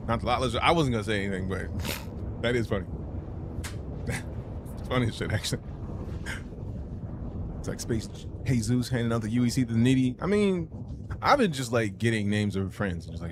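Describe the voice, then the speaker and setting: Joking, animated American streamer man. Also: medium pitch, fairly quick, pauses often, noisy background. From Chicago, United States. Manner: joking, rambling, profane. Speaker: game streamer. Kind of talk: casual gaming livestream chat.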